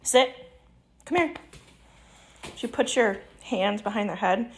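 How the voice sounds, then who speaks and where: A woman's voice: mid-range voice, takes it slowly. A woman laughing while giving her dog commands. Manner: laughing, chatty with pet.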